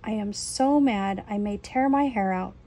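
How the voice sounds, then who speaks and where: A woman's voice: medium pitch, unhurried, warm tone. Woman reading as a messy cheerful young rat.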